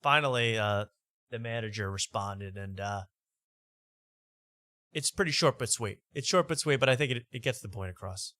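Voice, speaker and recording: A man's voice: medium pitch, normal speed, pauses often, bright, forceful tone, no room sound, studio quality. A male talk show host bantering casually, joking and laughing often.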